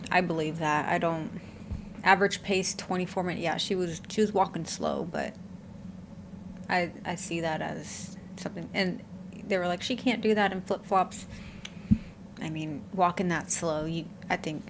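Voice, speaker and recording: A woman with a fairly low voice gives blunt, casual reaction commentary, swearing offhand. A steady hiss runs beneath her voice. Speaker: reaction channel host.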